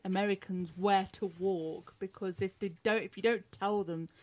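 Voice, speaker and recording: A woman's voice: mid-range voice, steady tone. A British woman co-hosting a casual online radio show, teasing her husband and reading out chat. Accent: British English. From Britain. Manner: teasing, quick wit, laughs often.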